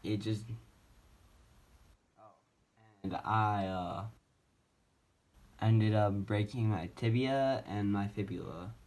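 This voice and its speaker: A man's voice: on the low side, takes it slowly, long pauses, a little mellow. A young man casually telling a personal story on his vlog, rambling with many fillers and restarts, speaking from a wheelchair at home. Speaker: vlogger.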